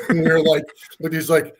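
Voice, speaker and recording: Laid-back guy telling an old team story on himself, voice a bit high. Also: slight background noise. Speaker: former college football player. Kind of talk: casual podcast storytelling.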